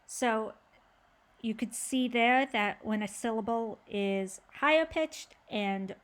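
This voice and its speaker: A woman's voice: fairly high pitch, takes it slowly. A woman teacher giving a casual, conversational explanation to her students.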